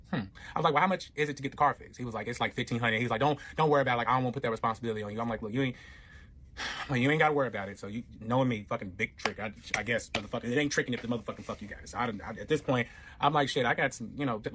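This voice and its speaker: A man's voice: medium pitch, fairly bright tone, breathy edge. A man telling his own relationship story in a casual storytime, profane and rambling, with lots of filler and quoted back-and-forth.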